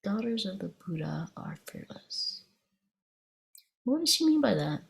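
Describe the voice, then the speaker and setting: A woman's voice: mid-range voice, very animated, unhurried, creaky. A woman meditation teacher giving a dharma talk, telling a personal story in a conversational, meandering way with frequent restarts.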